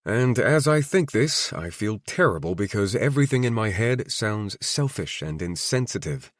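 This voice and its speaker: A man's voice: lowish voice, lively intonation, normal speed, no echo, clean studio sound. A man narrating a romance audiobook in the first person, wry and introspective.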